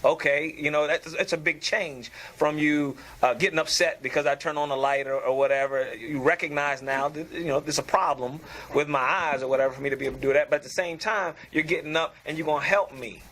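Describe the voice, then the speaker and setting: A man's voice: a little high, steady tone, fairly quick, hardly any pauses, a bit bright, slight background noise. A man in a barbershop group talk, explaining his ideas on communication in a thoughtful way. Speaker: barbershop discussion participant. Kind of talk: casual group chat.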